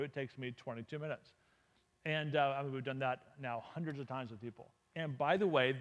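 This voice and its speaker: A man speaking to a church congregation as a guest speaker, telling a story in a lively, humorous, anecdotal way. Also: on the high side. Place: church sanctuary. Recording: long hall reverb.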